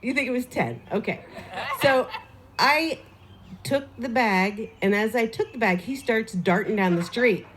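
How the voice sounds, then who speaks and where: A woman's voice: on the high side, lively intonation, a little slow, slight background noise. A woman telling a neighbor's story at a memorial gathering, chatty, with fillers and laughing asides, into a microphone. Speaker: neighbor giving a eulogy.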